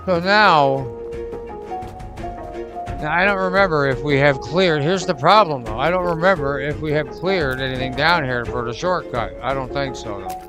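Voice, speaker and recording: Over background music, a man with a slightly high voice talks at normal speed while playing a video game alongside a friend. As the channel's host, he keeps up relaxed, profanity-filled chatter and reads the on-screen text out loud.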